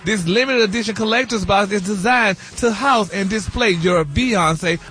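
A man's voice: high-pitched, moderate pace, sharp tone, soft background music. A man hosting celebrity news on a radio morning show, sassy and flamboyant, calling everyone honey and baby, and singing bits of his lines.

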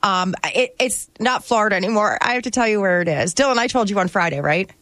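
Radio co-host lady, playful storyteller, mid pitch, dry close sound. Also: quick pace, fairly bright tone, no room sound. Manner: playful storyteller, mimics others. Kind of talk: casual chat.

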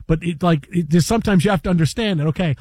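Animated man telling sports stories. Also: high-pitched, quick pace, breathy edge, no room sound. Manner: animated storyteller, acts out quotes. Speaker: sports talk show co-host. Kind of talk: casual sports talk. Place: studio.

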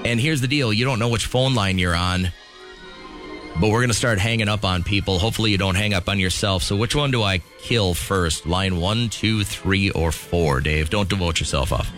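Lowish-voiced guy running a radio call-in game, joking around, music under him. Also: moderate pace, fairly bright tone. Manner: upbeat, joking, laughs easily. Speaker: radio morning show host.

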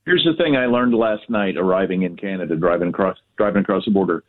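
A man's voice: deep voice, fast. A man talking in a casual, rambling way as a co-host calling in remotely. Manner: casual, rambling, laid-back. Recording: tinny phone line.

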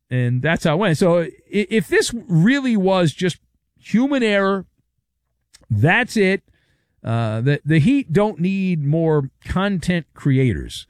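Male sports radio host, slightly high voice, dry studio sound, sarcastic riffing. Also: slow, dry recording. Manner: wisecracking, sarcastic, animated. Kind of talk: sports talk monologue.

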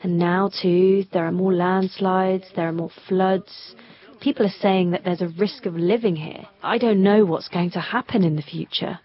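A woman reading a translated interview voice-over, calm and reflective. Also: lowish voice, moderate pace, breathy edge, lo-fi sound.

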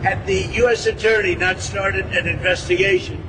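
A man's voice: sits high, steady tone, moderate pace, big-room sound. Male press remarks, rambling and emphatic, distant mic, heavy engine noise. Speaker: politician speaking to press. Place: outdoors beside a plane. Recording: distant outdoor clip with loud engine noise.

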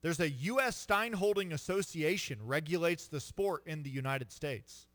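A man's voice: on the high side, normal speed, a bit bright, no room sound. A man co-hosting a sports talk radio show, reading out odd trivia and trying German phrases. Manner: reads trivia aloud, mock German phrases. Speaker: radio co-host. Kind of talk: casual sports radio chat.

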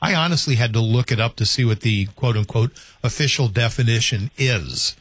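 A man's voice: mid-range voice, fairly quick, fairly bright tone, no room sound. A man hosting a call-in radio talk show, chatting in a loose, rambling way with many restarts, speaking into a studio microphone.

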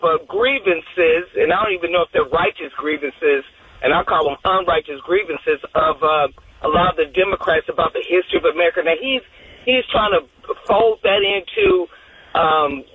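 A woman's voice: on the low side, a little hiss or hum. Woman caller on a tinny phone line. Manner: rambling, earnest, restarts often. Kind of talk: phone-in call. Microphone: telephone.

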